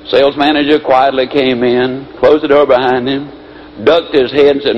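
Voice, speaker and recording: Animated folksy male motivational speaker. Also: mid-range voice, moderate pace. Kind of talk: motivational speech with storytelling. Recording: dull lo-fi recording, faint hiss.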